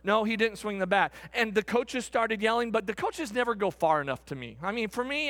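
Animated, high-pitched man preaching a sermon. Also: a little fast. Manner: animated, swings from shouting to hushed. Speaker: pastor. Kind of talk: sermon with storytelling.

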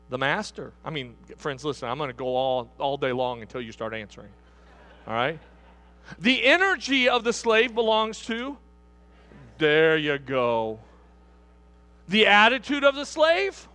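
A man's voice: high-pitched, pushed and bright. A middle-aged man, a pastor, preaching a sermon in a church hall, driving points home with repeated questions to the congregation.

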